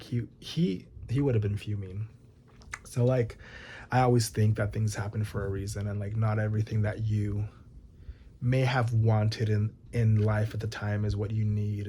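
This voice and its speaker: A man's voice: fairly low pitch, a little mellow, a little hiss or hum. Rambling young man vlogging casually. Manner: rambling, swears often, many likes. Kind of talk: casual chat to camera.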